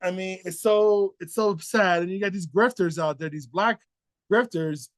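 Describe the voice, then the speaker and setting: The commentary show host talks at a moderate pace in a high voice, with no room sound. His casual opinion monologue comes across as earnest and indignant, full of repeats and restarts.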